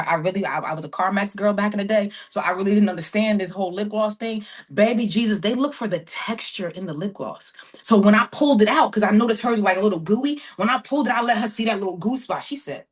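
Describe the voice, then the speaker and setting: Fast, excitable woman from New Jersey. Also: on the high side. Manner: fast, excitable, acts out dialogue with others. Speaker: sales team member sharing on a training call. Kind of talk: animated storytelling to a team call.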